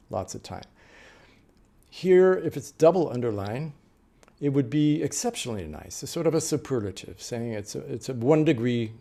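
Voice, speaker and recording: This American interpreter trainer, a middle-aged man, lectures on note-taking and steps his listeners through examples one at a time. His mid-range voice is gravelly, mellow and darker in tone. His explanations are full of fillers, and he often breaks off mid-sentence to start over.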